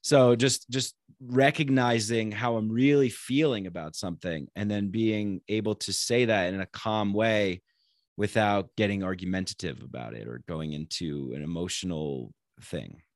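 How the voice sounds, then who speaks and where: Deep-voiced man, halting and reflective. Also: no echo, clean studio sound. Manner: reflective, halting, repeats words. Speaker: podcast guest. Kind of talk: casual conversation.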